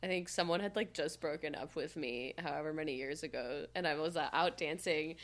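Sex: woman. Role: podcast co-host. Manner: animated, low-voiced storyteller. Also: a little fast. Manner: animated storyteller, heavy use of "like", bursts of loud laughter. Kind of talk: casual chat. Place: podcast studio.

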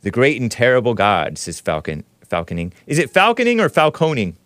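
A man hosting a call-in show, chatty and quick to laugh, often cutting himself off mid-sentence. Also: lowish voice, sing-song, fairly bright tone, no room sound, clean studio sound. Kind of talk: casual call-in talk.

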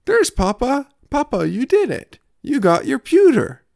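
A man voicing an excitable little boy toddler who squeals in babyish broken grammar. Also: on the high side, unhurried, vocal fry, pitched above the performer's own voice, heavily acted. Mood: delighted.

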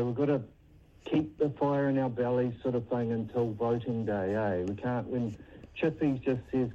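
A man's voice: mid-range voice, mellow, highs cut off, a little hiss or hum. A man with a New Zealand accent calling a talkback show, rambling and insistent. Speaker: caller. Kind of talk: phone-in call.

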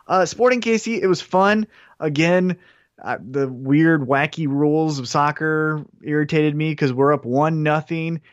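A man's voice: on the high side, unhurried, no echo, dull audio. A man, co-hosting a podcast and telling wry anecdotes in casual chat. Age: 30s. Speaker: podcast co-host.

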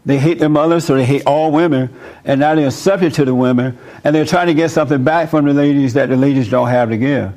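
A man's voice: on the high side, steady tone, fast, darkish tone. A man preaching informally and answering listener questions, speaking conversationally, telling personal stories and chuckling often. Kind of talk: informal sermon.

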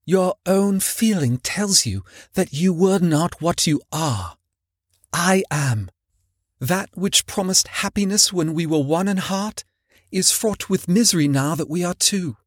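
A man voicing a gentle young woman who speaks softly and sadly, in an audiobook reading. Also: high-pitched, expressive, a little slow, dry recording, clean studio sound. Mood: sorrowful. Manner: soft, gentle pleading.

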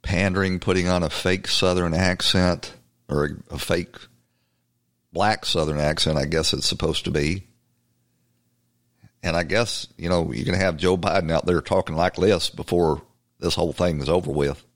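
A man with a low, deep voice delivers a talk-show monologue. He is emphatic and conversational, often repeating words as he restarts a thought. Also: fairly even intonation, moderate pace, a bit bright. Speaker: podcast host. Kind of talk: political commentary monologue.

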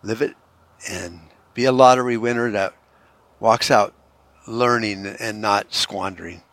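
A man's voice: on the low side, a little slow, fairly bright tone, dry recording. A middle-aged man hosting a podcast, chatting casually and cursing freely as he drives through a small town. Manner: profane, easygoing, drifting into a joking Australian put-on. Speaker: podcast host. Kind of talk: casual rambling monologue while driving through a town.

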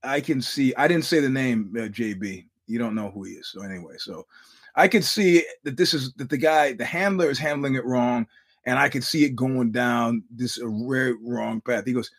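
A middle-aged man talks through his podcast in a loose, rambling monologue. He swears freely and often circles back to restart his sentences. His voice sits at a plain, medium pitch. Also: moderate pace, slightly rough. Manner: rambling storyteller, profane, many restarts. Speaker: podcast host. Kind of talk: casual monologue.

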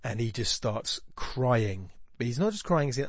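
A podcast host muses aloud in a casual, reflective monologue, rambling thoughtfully and restarting often. His mid-range voice has lively intonation, normal speed, few pauses and a slight roughness, with no room sound.

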